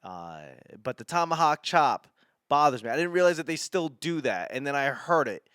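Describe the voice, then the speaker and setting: A man's voice: on the high side, sing-song, moderate pace, fairly bright tone, smooth, no echo, clean studio sound. A man in his thirties, a stand-up comedian hosting his own podcast, telling a rambling, profane story that keeps interrupting itself.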